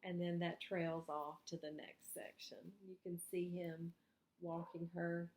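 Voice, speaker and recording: A woman's voice: lowish voice, flat delivery, unhurried, darkish tone, roomy sound. A woman hosting a book show, reading a graphic novel aloud and explaining the panels.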